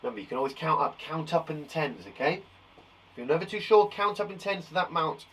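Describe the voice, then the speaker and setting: Brit guy teaching little kids their times tables, kinda high voice, super encouraging, counts out loud. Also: fast, slight background noise. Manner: encouraging, reassuring, thinks aloud while counting. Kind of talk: live maths lesson for young children.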